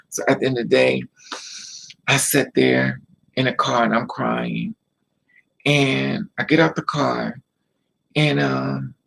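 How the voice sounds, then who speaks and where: A man's voice: mid-range voice, gravelly, a bit bright, breathy edge, rough recording. A man casually telling a personal story to the camera, repeating himself and quoting the people involved. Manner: repetitive, emotional retelling with quoted dialogue. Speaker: vlogger.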